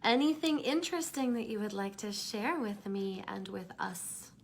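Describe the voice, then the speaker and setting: A woman teaching a live online class, leading a soft, slow guided meditation that drops at times to a whisper, then chatting fondly with the group, her voice gravelly from smoke. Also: mid-range voice, slight background noise. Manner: affectionate, calls listeners darlings. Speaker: workshop teacher.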